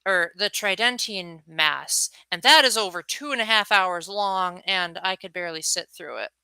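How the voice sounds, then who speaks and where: Young woman streamer, casual and talkative; bright, crisp tone, dry close mic. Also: on the low side, moderate pace, dry recording, poor audio. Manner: chatty, answers viewers' chat, acts out quotes. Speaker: livestream host. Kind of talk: casual livestream chat.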